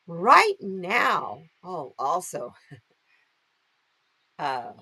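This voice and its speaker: Animated, chatty woman on a live stream. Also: mid-range voice, unhurried, long pauses. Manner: chatty, laughs often, greets viewers by name. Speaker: tarot reader hosting a live stream. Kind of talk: casual live-stream chat with viewers.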